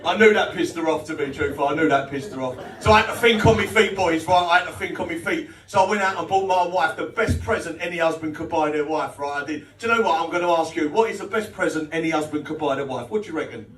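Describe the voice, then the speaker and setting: A man's voice: fairly high pitch, fast, hardly any pauses, a bit bright. A middle-aged British man doing a live stand-up set, crude and cheeky, often chuckling at his own jokes and bantering with the crowd. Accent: British English. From Britain. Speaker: stand-up comedian. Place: small social club comedy night. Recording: roomy venue audio taken from a distance, with crowd noise. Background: audience laughter.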